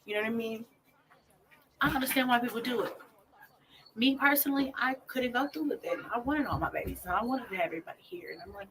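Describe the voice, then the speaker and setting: A woman in her twenties candidly tells her story as a mother, blunt and profane, often dropping to a near-whisper. Her mid-range voice is animated and fairly quick, heard as a noisy clip played in a reaction video.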